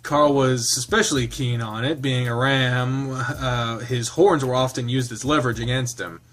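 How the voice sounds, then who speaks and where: Male game streamer, narrates the visual novel aloud, halting commentary with frequent laughs. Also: medium pitch, steady tone, a bit bright, soft background music.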